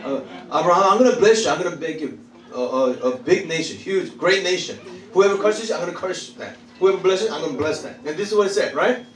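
High-voiced preacher in an echoey hall. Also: male voice, animated, fast talker. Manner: emphatic, repeats phrases, laughs often, calls for replies. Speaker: pastor. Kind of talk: sermon with call-and-response. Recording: echoey church hall, voice from a distance.

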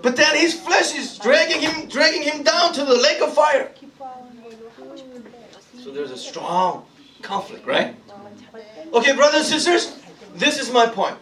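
With an extremely high, pushed, and bright voice, this pastor leads Bible study at an unhurried pace, pausing often and using lively intonation. He teases the congregation, laughs a lot, and calls for people to answer in his interactive sermon. The church hall is echoey, he's recorded from far away, and the crowd can be heard.

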